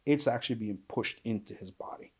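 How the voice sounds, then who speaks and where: A man giving an emotional personal account as a panel guest, halting and subdued, with restarts and trailing pauses. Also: medium pitch, husky. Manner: subdued, intense storytelling. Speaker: panel guest recounting survival.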